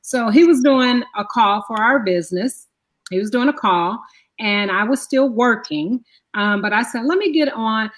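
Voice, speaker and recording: A woman co-hosting a casual chat, telling a story with animated storytelling and acting out what people said. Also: on the high side, a little slow, rough recording. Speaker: co-host.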